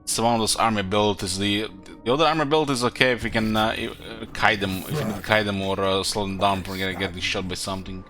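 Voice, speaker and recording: A man's voice: lowish voice, fairly even intonation, fast talker, bright, forceful tone. Tired man streaming a strategy game. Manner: thinks aloud, rambling with fillers. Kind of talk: casual gameplay commentary. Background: faint game music.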